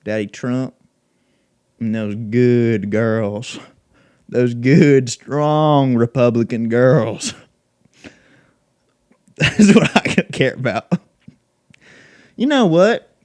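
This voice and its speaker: A man's voice: mid-range voice, extremely slow, pauses often. A man playing a crude, bigoted redneck who taunts and rants with constant profanity in a comedy sketch. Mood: taunting. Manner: profane, taunting, loud ranting. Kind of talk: comedy sketch role-play.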